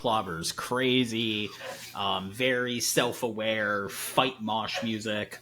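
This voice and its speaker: A man's voice: on the low side, steady tone, slow. A man co-hosting a podcast, handing out joking music awards in playful banter. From Southern Ontario. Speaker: podcast co-host. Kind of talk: casual comedic awards banter.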